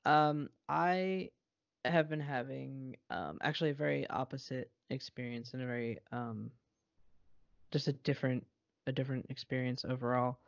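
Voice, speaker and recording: A man's voice: medium pitch, steady tone, normal speed, vocal fry, no room sound. A man co-hosting a podcast, blunt and sarcastic and swearing freely, recorded over an internet call. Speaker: podcast co-host. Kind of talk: casual chat. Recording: muffled dry call recording.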